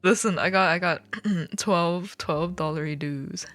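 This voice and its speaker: A woman's voice: lowish voice, measured pace, a bit bright, soft background music. A woman streamer reading a children's book aloud, breaking off for joking, swearing asides.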